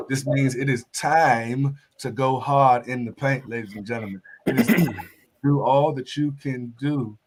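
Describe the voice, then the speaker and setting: Hype-man business livestream host. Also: mid-range voice. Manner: hype, shouting catchphrases. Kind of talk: upbeat business livestream chat.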